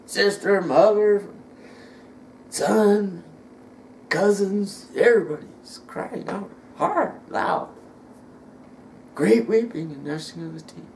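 Slow, gravelly man telling a halting story. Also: fairly high pitch, darkish tone, slight background noise. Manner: halting, repeats words, drops to a near whisper. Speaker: storyteller giving a personal testimony. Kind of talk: emotional personal testimony.

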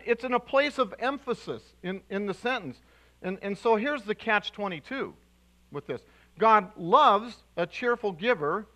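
A male pastor preaching a sermon to his congregation, animated and emphatic, with restarts and sudden loud bursts. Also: sits high, low-quality recording. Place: church sanctuary.

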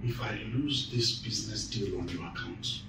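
An actor playing a stern, menacing company boss who scolds an employee with sarcasm. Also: male voice, lowish voice, normal speed, creaky, echoey room, recorded from a distance, over music, rough recording.

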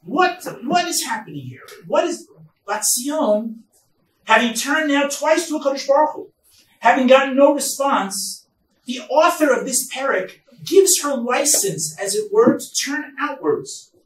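A man teaching a Bible study class as rabbi, reading verses slowly and then explaining them with emphatic stresses. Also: extremely high pitch, lively intonation. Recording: echoey room, mic far off, faint noise.

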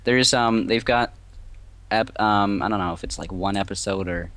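A man's voice: lowish voice, normal speed, fairly bright tone, no echo. A young man chatting casually while playing a block-building game, laid-back and wry, laughing off his own deaths. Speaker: gaming co-host. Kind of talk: casual let's-play chat.

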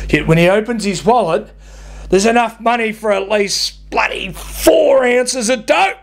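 A man's voice: sits high, lively intonation, unhurried, gravelly. A man, a bus driver ranting bluntly and swearing as he tells comic stories to camera. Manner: blunt, sweary, laughing at his own stories.

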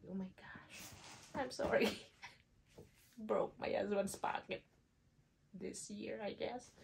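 A giddy young woman chats through a home unboxing, slow and unhurried, her voice gravelly with fry. She gushes, giggles and slips into awed whispers. The home video carries clear background noise. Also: mid-range voice. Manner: gushing, giggly, drops to whispers in awe. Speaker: vlogger unboxing a gift. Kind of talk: excited casual unboxing chat.

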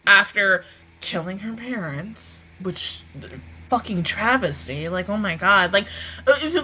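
A woman hosting a casual anime reaction review, excitable and swearing a lot, breaking into laughter often. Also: mid-range voice, a little slow, slight background noise.

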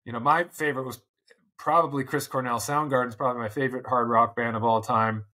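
A man's voice: mid-range voice, steady tone, quick pace, pushed and bright. A man in his forties, a podcast guest, talking thoughtfully and earnestly with frequent restarts. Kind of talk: reflective interview talk.

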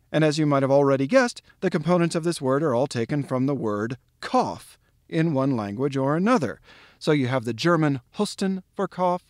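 A man in a pronunciation tutorial speaks at a middle pitch, measured and explanatory. He drills difficult words syllable by syllable. The recording is dry, with almost no room sound. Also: dry recording. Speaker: literature tutor.

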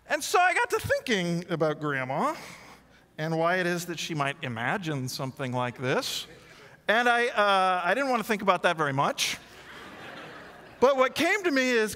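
A man preaching a sermon in a bright, forward voice, with long reverb hanging in the hall. He tells jokes at his own expense, then speaks candidly and with feeling. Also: high voice, very animated, normal speed, a little hiss or hum. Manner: self-deprecating humor turning earnest and confessional. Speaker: lead pastor.

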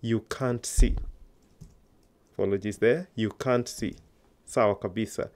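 A man's voice: lowish voice, fairly even intonation, a little slow, darkish tone. A man teaching an online language lesson, patiently coaxing learners to answer aloud.

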